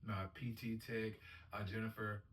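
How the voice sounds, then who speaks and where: Earnest low-voiced man telling his story. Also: little pitch movement, a little slow, fairly bright tone, reverberant, recorded from a distance, slight background noise, poor audio. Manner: earnest, upbeat, acts out quotes. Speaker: dialysis patient sharing his story. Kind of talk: casual personal storytelling.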